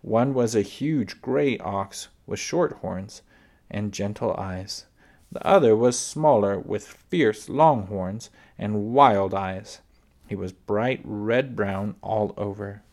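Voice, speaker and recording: A man reading a children's book aloud, unhurried, with small slips and restarts. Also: on the low side, a little mellow. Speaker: reader.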